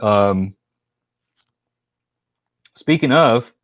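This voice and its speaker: A man's voice: fairly low pitch, lively intonation, drawn-out words, dry recording. A man from New York hosting a casual live stream, joking and rambling as he reads viewer comments aloud.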